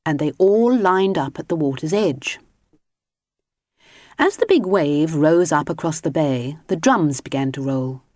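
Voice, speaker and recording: A woman reading a children's storybook aloud in a gentle, expressive way. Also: low voice, unhurried, no echo, clean studio sound. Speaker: audiobook narrator. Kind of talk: storybook narration.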